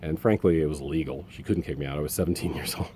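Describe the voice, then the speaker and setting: A man's voice: rumbling low, rapid-fire, dark tone, a little hiss or hum. A man in his fifties rambling through a casual, profane vlog monologue about his father, filmed on his phone outdoors in the rain. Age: 50s. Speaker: vlogger. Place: outdoors in the rain, then under a roof and a tree. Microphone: handheld phone.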